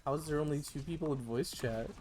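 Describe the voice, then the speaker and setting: A man's voice: fairly high pitch, quick pace, darkish tone, a little hiss or hum. Profane, joking man in his thirties. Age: 30s. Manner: joking, profane, playfully repetitive. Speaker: streamer. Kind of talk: casual gaming stream commentary.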